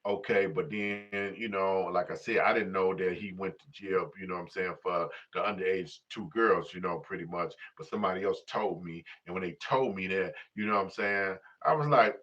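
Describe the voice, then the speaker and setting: A man's voice: low voice, fairly even intonation, moderate pace, hardly any pauses, fairly bright tone. A middle-aged man from Chicago hosting a livestream, rambling in a profane, streetwise way and filling his talk with "you know what I'm saying". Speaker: livestream host. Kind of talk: casual unscripted monologue. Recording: slightly dull lo-fi audio.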